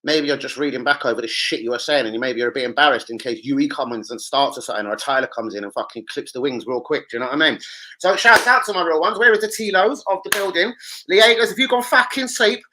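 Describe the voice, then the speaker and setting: A young man, hosting a football live stream and chatting with his viewers in an animated, slangy and sweary way. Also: on the high side, fast talker, low-quality recording. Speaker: football livestream host. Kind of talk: casual live-stream chat.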